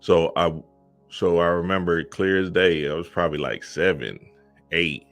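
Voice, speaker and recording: Deep-voiced man, emphatic street-talk monologue. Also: moderate pace, a bit bright, faint music behind. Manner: emphatic, repeats "you feel me", acts out quotes in higher voice. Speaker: spiritual content creator. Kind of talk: casual monologue commentary.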